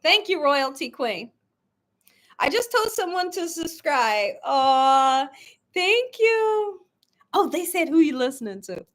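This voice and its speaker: A high-pitched woman chats casually on a live stream, telling her viewers little stories and laughing often. She talks in a playful, easygoing way, like she's hanging out with friends online. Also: very animated, slow pace, fairly bright tone. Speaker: live-stream cooking channel host.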